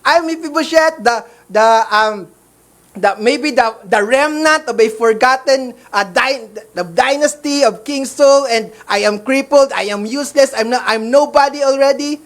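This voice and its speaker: A woman's voice: sits high, normal speed, lightly acted. A woman voicing a fearful crippled young man. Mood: disbelieving. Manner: pleading, self-abasing.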